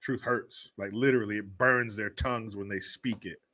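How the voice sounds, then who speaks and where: A man's voice: on the low side, fairly even intonation, normal speed, pushed and bright. A man hosting a livestream, ranting in profane, mocking commentary. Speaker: livestream host.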